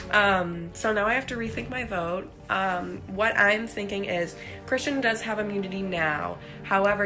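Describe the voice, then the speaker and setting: A woman's voice: mid-range voice, bright, forceful tone. A woman giving a chatty, scheming confessional as a reality game contestant. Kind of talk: casual confessional. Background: background music.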